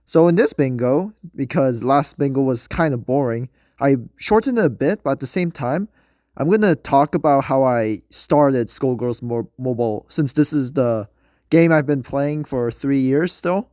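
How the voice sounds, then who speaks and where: A man's voice: mid-range voice, animated, normal speed, darkish tone, no room sound, studio quality. A young man with a nasal voice talking casually about a mobile game he plays, hesitant and rambling, with many fillers and restarts. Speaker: gaming video creator. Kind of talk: casual gameplay commentary.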